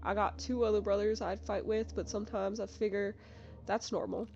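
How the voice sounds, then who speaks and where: A woman's voice: mid-range voice, flat delivery, moderate pace, creaky, a little mellow, muffled recording, faint music behind, natural voice. Woman doing a crude teenage boy bully. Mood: brash. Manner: crude, dismissive drawl.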